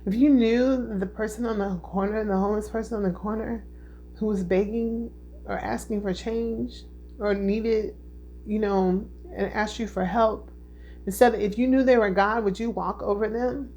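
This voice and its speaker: This tarot reader has a warm, medium-pitched voice with fairly even intonation and a normal speed, against slight background noise. Earnest and emotional, she delivers a spiritual reading, repeating points and frequently checking in with those listening.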